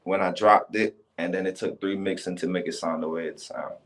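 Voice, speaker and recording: A man guesting as a rapper on a podcast, laid-back and quick to laugh. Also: deep voice, steady tone. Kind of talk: casual interview chat.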